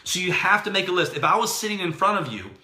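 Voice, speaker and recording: Energetic man giving a motivational talk. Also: sits high, quick pace, roomy sound. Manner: energetic, storytelling, preachy. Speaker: network marketing trainer.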